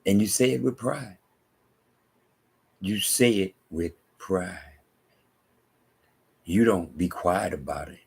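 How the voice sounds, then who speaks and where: A man preaching slowly in a very deep, gravelly voice with a heavy husky rasp. He reads scripture and drives home his points by repeating them, sometimes sinking into hushed asides. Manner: repetitive, emphatic, drops to hushed asides. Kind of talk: preaching monologue.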